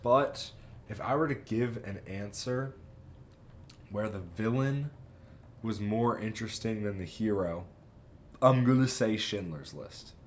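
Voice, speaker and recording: A young man co-hosting a casual movie chat, relaxed, often trailing off quietly at the ends of his thoughts. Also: fairly low pitch, a little slow, long pauses, a little hiss or hum. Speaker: podcast co-host.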